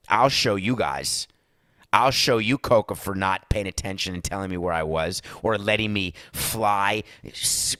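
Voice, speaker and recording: Emphatic, bright-voiced sports podcast host. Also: male voice, medium pitch, dry recording, clean studio sound. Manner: emphatic, ranting, sarcastic asides. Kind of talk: sports talk podcast monologue.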